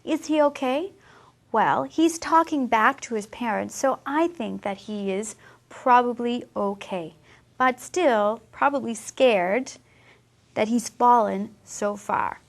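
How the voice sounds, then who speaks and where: A woman teaching English who talks young learners through a picture book, asking them gentle questions. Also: fairly high pitch. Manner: slow, warm, questioning teacher talk.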